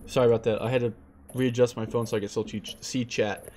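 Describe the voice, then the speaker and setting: A man's voice: mid-range voice, little pitch movement, quick pace, a little mellow. A man commenting casually and offhandedly on a live stream while playing a game. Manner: joking, offhand.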